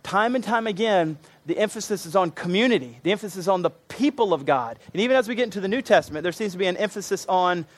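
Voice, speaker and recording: A man's voice: sits high, expressive, quick pace, hardly any pauses. A man preaching a sermon to his congregation, earnest and emphatic, often repeating himself for weight. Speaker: pastor.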